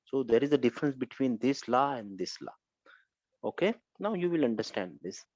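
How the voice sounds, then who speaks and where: A man teaching a grammar lesson, repeating his points and checking with a quick "huh?" to see if his students follow. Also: medium pitch, big pitch swings, a little mellow, no echo. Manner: repetitive, keeps checking with "Huh?". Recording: dull lo-fi recording.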